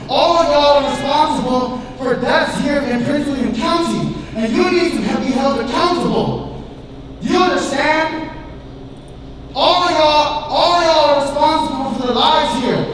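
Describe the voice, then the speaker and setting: A young man giving an angry, impassioned public comment to a county board, repeating himself and shouting at times. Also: extremely high pitch. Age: young adult. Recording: echoey chamber from far off, crowd noise.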